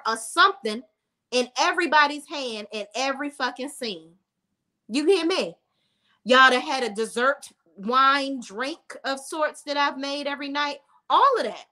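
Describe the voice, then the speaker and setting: Woman reviewer, blunt and profane, casual rant; highish, bright voice. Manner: blunt, profane, talks straight at the viewer. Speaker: reality TV reviewer.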